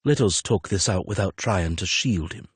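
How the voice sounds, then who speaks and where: A man's voice: sits low, lively intonation, normal speed, husky, no echo, full character voice. A man voicing a weary middle-aged father who is blunt and tactless, speaking in a raised, brash, emotional voice.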